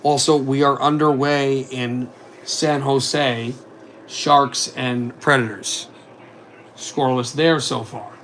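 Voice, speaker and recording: A man calling hockey play-by-play for a fan simulcast, in a rapid running commentary with asides on other scores. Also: medium pitch, fairly even intonation, fairly bright tone, a little hiss or hum.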